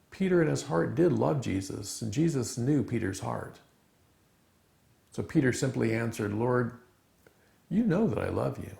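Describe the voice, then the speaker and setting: Male chapel speaker, sermon, lively storytelling, gravelly tone, reverberant room sound. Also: mid-range voice. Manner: animated storytelling with dramatic emphasis. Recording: roomy echo.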